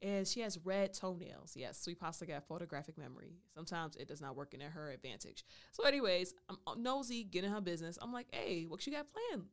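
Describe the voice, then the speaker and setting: A woman's voice: fairly low pitch, lively intonation, brisk, few pauses. A woman hosting a solo storytelling podcast, talking playfully and now and then referring to herself in the third person. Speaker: podcast host.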